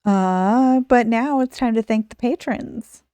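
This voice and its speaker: Slow-talking woman, smooth dry voice. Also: a little high, dark tone, no echo. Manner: chatty, laughs often. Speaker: podcast host. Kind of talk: casual podcast chat.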